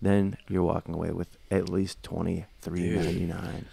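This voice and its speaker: Guy w a gravelly lowish voice riffing deadpan on a comedy podcast. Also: moderate pace, a little hiss or hum. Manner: deadpan, rambling comic bits. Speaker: podcast co-host. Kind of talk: casual comedic chat.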